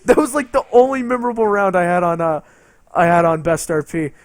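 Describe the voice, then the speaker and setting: A man's voice: high voice, animated, fairly quick, dry recording. A man streaming a game and telling a rambling story, swearing and laughing as he goes. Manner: rambling, profane, laughing between lines.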